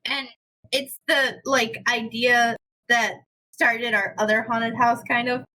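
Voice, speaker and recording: A young woman chatting casually on a podcast, telling a ghost story in an animated way, with lots of fillers and swearing. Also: on the high side, slow pace, poor audio. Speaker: podcast co-host.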